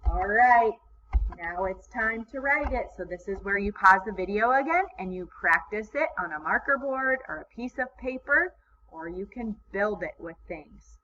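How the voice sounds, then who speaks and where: A woman teaching kindergarten in a recorded video lesson, with slow, encouraging, sing-song teacher talk. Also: medium pitch, expressive, sharp tone. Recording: slightly dull lo-fi sound, faint background noise.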